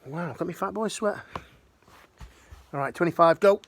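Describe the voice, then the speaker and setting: Middle-aged man, ex-military life coach, gravelly, slangy and heartfelt, restarts a lot. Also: fairly high pitch, normal speed. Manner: earnest, slangy, rambling with restarts. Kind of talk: emotional motivational talk.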